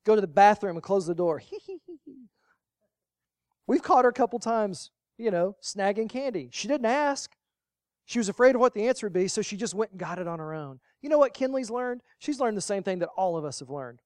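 Pastor, emphatic sermon delivery, repetitive and rhetorical, mid pitch, dry close sound. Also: lively intonation, moderate pace, no echo. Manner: swings between loud emphatic lines and quiet, low asides; rhetorical, repeats key phrases for emphasis.

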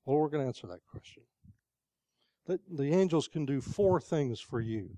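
A man's voice: on the high side, animated, normal speed, dark tone, dry recording. An older man preaching a sermon in a conversational storytelling way, asking the congregation questions.

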